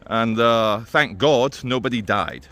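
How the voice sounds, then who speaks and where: A man's voice: mid-range voice, slow pace, pushed and bright. A man giving casual commentary to camera, rambling with many fillers and restarts and slipping in dry, offhand asides. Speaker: vlogger.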